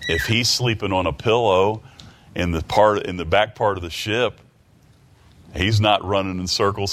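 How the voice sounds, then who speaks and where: Low-voiced man preaching a sermon. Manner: preaching with rhetorical questions and King James readings; folksy, repeats words when excited. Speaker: pastor.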